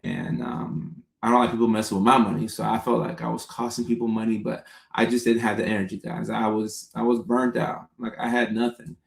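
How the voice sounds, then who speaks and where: A man hosting a casual livestream, answering viewers' comments by name in an unhurried, conversational way. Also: fairly low pitch, vocal fry, roomy sound. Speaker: comedian and livestream host answering chat.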